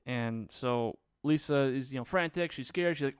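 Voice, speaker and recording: Male solo reviewer, rambling and sarcastic, smooth voice pitched a bit high, dry close sound. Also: moderate pace, no room sound. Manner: rambling, sarcastic, lots of fillers. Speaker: movie reviewer. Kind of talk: casual solo movie recap.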